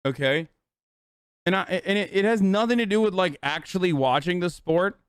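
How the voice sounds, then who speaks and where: A man's voice: high-pitched, normal speed, clear, resonant tone, dry recording, clean studio sound. A man in his thirties telling a rambling, sarcastic, profane story on a casual livestream. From United States. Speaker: streamer.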